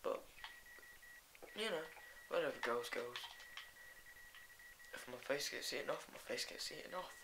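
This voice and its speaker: A woman giving casual gameplay commentary, excitable, dropping to whispers, then yelping and swearing. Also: sits low, a little slow, pauses often, noisy background. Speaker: let's play gamer.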